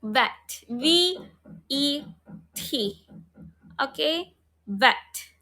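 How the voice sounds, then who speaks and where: Slow, bright-voiced phonics teacher woman. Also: high-pitched, lively intonation. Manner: slow, repeats sounds and prompts students. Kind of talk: online phonics lesson. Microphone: online class, video call.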